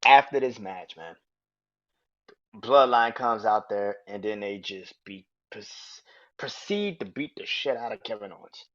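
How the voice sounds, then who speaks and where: Profane, animated man reviewing wrestling. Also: lowish voice, normal speed. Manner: animated, profane, acts out quotes in raised voices. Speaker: podcast host. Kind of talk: casual match review. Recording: dull lo-fi audio.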